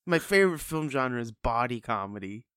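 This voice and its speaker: A man casually chatting about a movie, rambling and joking, with quick silly impressions. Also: medium pitch, animated, a bit bright, a little hiss or hum. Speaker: podcast co-host. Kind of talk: casual film review chat.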